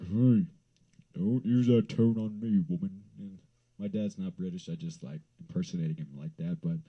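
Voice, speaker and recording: Laid-back low-voiced man, very dark tone. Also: poor audio. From Wyoming. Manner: laid-back, swears a lot, trails off with fillers. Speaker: vlogger. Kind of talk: rambling casual storytelling.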